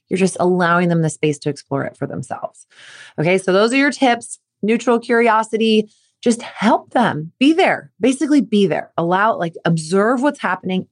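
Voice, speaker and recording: A woman hosts a sport-coaching podcast solo, talking casually and directly to her listeners at a medium pitch. Her flow is easy and conversational, and she turns animated, using brighter, playful voices to act out questions a parent might ask.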